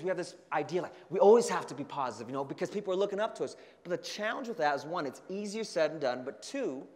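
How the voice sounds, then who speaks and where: A man giving an energetic motivational talk to a student leadership conference, telling stories and acting out the voices. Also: fairly high pitch. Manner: energetic storytelling with acted-out voices. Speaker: keynote speaker. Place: large conference hall. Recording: long hall reverb.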